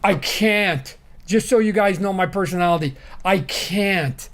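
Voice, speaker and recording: A middle-aged man talking as a podcast guest in an animated way, often restarting sentences and groaning in disgust. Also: high voice, measured pace. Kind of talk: casual podcast chat.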